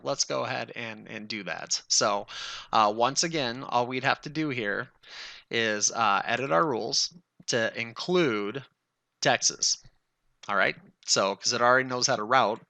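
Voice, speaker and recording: A man with a gravelly, crisp, forceful voice walks through a networking tutorial in a casual, chatty way. He thinks aloud and talks straight to his viewers, and the recording sounds dry and close. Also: medium pitch, no echo.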